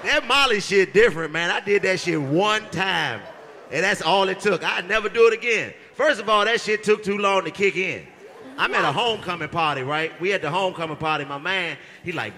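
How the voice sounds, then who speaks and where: A man's voice: on the high side, fast, a little hiss or hum. A man telling a comic story on stage, acting out the people in it as he goes. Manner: animated storyteller acting out quotes. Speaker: comedian. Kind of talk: storytelling stand-up banter. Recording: live venue with long reverb.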